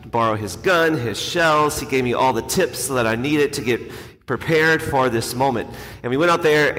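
A man's voice: mid-range voice, a bit bright. A man, a priest, telling a self-deprecating story in a casual, conversational homily. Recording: long hall reverb, faint ambience.

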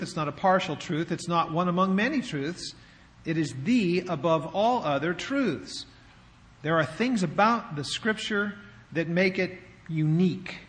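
A man's voice: fairly high pitch, fairly bright tone. A man preaching a sermon as pastor, in a conversational way with rhetorical questions, in a church sanctuary. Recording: long hall reverb.

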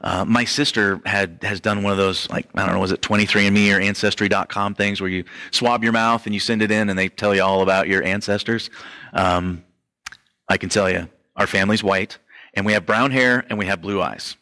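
A man's voice: fairly low pitch, steady tone, a little fast, sharp tone. A man giving a casual, conversational sermon as a pastor, often saying "like" and "um" as he explains. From Western Europe ancestry only; none. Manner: conversational, filler-heavy, says "like" often.

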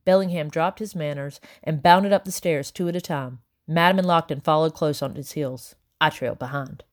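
Woman audiobook narrator, steady, measured, lowish. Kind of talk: first-person audiobook narration.

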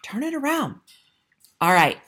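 A woman's voice: fairly high pitch, very animated, unhurried, fairly bright tone, slightly rough. A woman hosting her own marriage-coaching podcast, talking straight to listeners in an emphatic, direct way. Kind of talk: solo podcast talk with a sign-up pitch.

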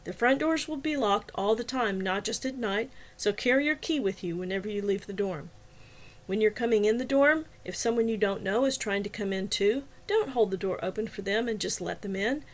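A woman's voice: medium pitch, moderate pace, lightly acted. A woman voicing a confident male campus security officer giving safety instructions in a self-assured way. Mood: firm.

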